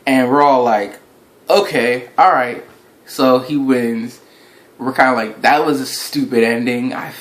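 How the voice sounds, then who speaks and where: A man talks through a wrestling event in a loose, rambling reaction video. His voice sits at a middle pitch. He recounts the action play-by-play and gets excited as he goes. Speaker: wrestling fan reviewer.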